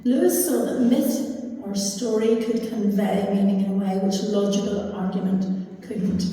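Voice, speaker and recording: Woman, chatty church lecturer reading aloud, dark tone, distant echoey hall. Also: medium pitch. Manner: chatty asides with many fillers. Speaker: guest speaker at a church. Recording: echoey church hall from far off, faint noise.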